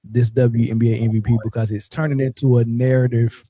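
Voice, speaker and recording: A man's voice: medium pitch, level tone, fairly quick, warm tone, no echo. A man hosting a sports podcast in casual chat, joking and sometimes stumbling over his words. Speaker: podcast host.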